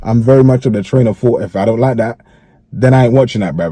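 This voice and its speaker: A man's voice: lowish voice, fairly quick, dark tone, no echo. A man talking casually in an interview, laid-back and full of slang, often checking that he is understood. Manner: laid-back, peppers speech with slang and "you get me" checks. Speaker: interviewee in a played clip.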